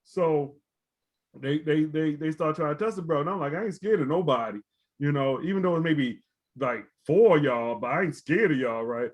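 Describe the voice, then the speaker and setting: A co-host from Baltimore with a high-leaning voice speaks at normal speed on slightly dull audio. He tells a story in laid-back casual chat, often asking "right?".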